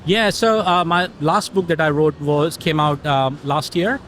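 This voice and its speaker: A middle-aged man as an interview guest, explaining things in a relaxed conversational way and telling stories with quoted dialogue. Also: a little high, unhurried, slight background noise. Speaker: interview guest, technology consultant.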